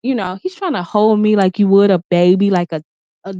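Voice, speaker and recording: A woman's voice: mid-range voice, fairly quick, warm tone, no echo. A woman vlogger in her bedroom telling a personal story in casual, candid, profane speech, full of "like" and restarts. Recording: dry, slightly dull lo-fi sound.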